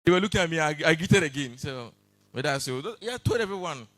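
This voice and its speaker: A man doing stand-up, chatty storytelling broken by sudden loud exclamations. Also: on the high side, lively intonation, fast. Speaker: stand-up comedian. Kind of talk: stand-up comedy set. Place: comedy awards stage before a live audience.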